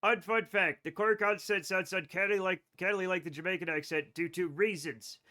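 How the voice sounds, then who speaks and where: A man's voice: sits high, fairly quick, bright, forceful tone. A man streaming a game live, chatting loosely with his chat, rambling between tasks and swearing freely. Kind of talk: casual live-stream chat while playing.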